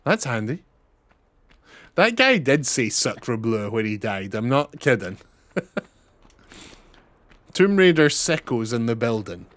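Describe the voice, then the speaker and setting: A man's voice: mid-range voice, big pitch swings, slow, pauses often, a bit bright, no room sound. A young man giving casual, chatty commentary on a game he is playing, swearing and laughing often. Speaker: streamer.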